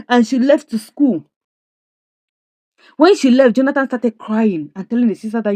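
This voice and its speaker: Animated woman recapping a drama. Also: a little high, fairly quick, no room sound. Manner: indignant, expressive, rhetorical questions. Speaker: series reviewer.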